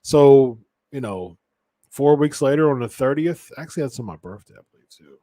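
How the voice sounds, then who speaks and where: A man's voice: medium pitch, lively intonation, normal speed, mellow, no room sound. A man hosting a podcast, chatting casually about wrestling and often correcting himself mid-sentence. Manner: rambling, with frequent restarts and self-corrections. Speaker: podcast host.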